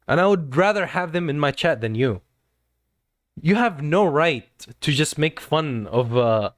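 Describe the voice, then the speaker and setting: A man's voice: on the high side, no room sound, studio quality. A man streaming live, talking to his chat in an earnest, lecturing way and often repeating himself. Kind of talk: casual livestream talk to chat.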